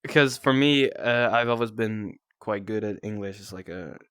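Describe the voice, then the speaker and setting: A man's voice: lowish voice, moderate pace, fairly bright tone, smooth, no room sound, studio quality. A young man from the Netherlands with a Dutch accent, hosting a casual podcast chat and teasing his guest. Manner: chatty, teasing, many fillers. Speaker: podcast host.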